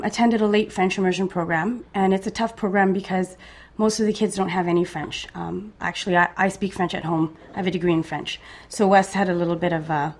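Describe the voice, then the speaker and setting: A woman from Canada, a parent guest, telling her story in measured detail in conversation. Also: medium pitch, a little hiss or hum.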